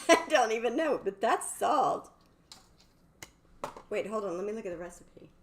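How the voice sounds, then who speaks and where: A woman's voice: medium pitch, lively intonation, measured pace, slight background noise. Bubbly woman chatting through a cooking stream. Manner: bubbly, chatty, talks to viewers. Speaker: cooking livestream host. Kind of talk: live cooking stream chat. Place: home kitchen.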